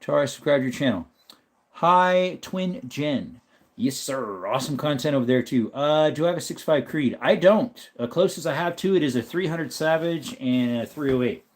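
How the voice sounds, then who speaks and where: A man's voice: on the high side, expressive, normal speed. A man hosting a casual livestream, reading out viewers' chat and talking to his dog in between. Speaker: livestream host.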